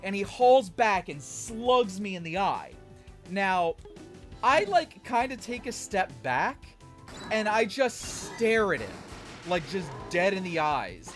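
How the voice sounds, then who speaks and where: A man's voice: high voice, big pitch swings, takes it slowly, fairly bright tone, faint music behind. A young man streaming a game, telling a story in a rambling, self-deprecating way with lots of fillers. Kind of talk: casual chat while streaming a game.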